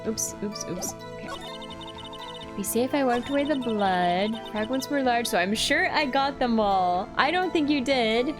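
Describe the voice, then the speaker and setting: A young woman streamer chatting slowly and giggling as she thinks aloud over a game. Her voice sits a bit high, with faint game music behind. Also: lively intonation. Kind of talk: casual let's-play commentary.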